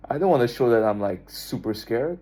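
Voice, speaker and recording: Laid-back man with a dark, mellow voice. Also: mid-range voice, lively intonation, a little fast. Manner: laid-back, repetitive, peppered with "man" and "bro". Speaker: vlogger. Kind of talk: casual motivational monologue.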